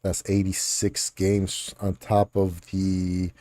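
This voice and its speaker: A man with a lowish, mellow voice, hosting a relaxed chat about gaming news. He rambles, laughs easily and jokes along the way. The sound is close and dry, with no room in it. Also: slow pace, no room sound. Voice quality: laughs often, jokey and rambling. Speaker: podcast host.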